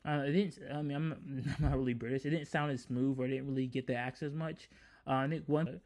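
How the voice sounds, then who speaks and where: A man's voice: medium pitch, fairly even intonation, fast talker, darkish tone. A man hosting a casual coding tutorial, talking hesitantly with many restarts. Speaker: tutorial host, developer. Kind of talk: casual screen-recorded tutorial.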